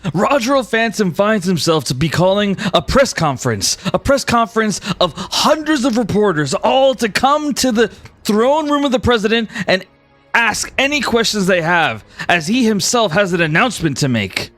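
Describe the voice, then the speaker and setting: A man game master narrating a tabletop session on a livestream. His voice sits high and swings widely in pitch, and he rambles and corrects himself as he goes. Faint music plays behind him. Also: very animated, normal speed, fairly bright tone, dry recording.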